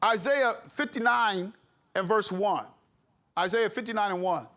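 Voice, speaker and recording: A man's voice: high voice, measured pace, sharp tone. A man preaching a sermon with an impassioned, emphatic delivery, breaking into laughs. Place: congregation hall.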